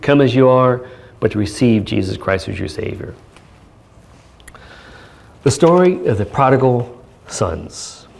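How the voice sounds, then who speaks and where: A man pastor giving a church sermon, speaking earnestly with pauses and reading scripture aloud. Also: mid-range voice, a little mellow. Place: church service.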